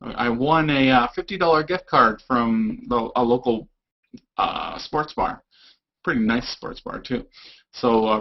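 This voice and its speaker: A young man chatting casually on a live stream, rambling and goofy, slipping into silly voices now and then. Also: medium pitch. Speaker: vlogger. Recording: dull lo-fi webcam audio.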